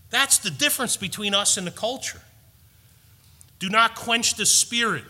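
A man's voice: high-pitched, bright, forceful tone, in a large hall. A man preaching a sermon, earnest and storytelling, building to emphatic points. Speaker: pastor.

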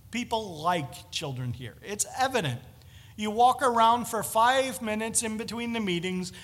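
A man preaching a sermon in a chapel, conversational and animated, with jokey asides. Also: sits high. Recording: long reverb of a large chapel.

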